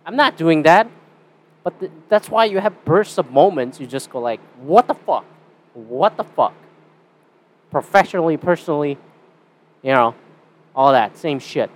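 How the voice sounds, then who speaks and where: A man's voice: fairly high pitch, lively intonation, moderate pace. Profane, rambling young podcast man. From Canada. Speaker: podcast host. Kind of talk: casual solo podcast rant.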